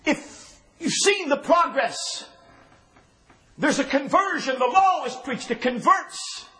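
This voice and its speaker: A man with a strikingly high voice delivers a sermon with fervor. He swings between shouted, ringing declarations and low, hushed passages. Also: lively intonation, takes it slowly. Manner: impassioned, often shouting, then dropping low and quiet. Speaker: preacher.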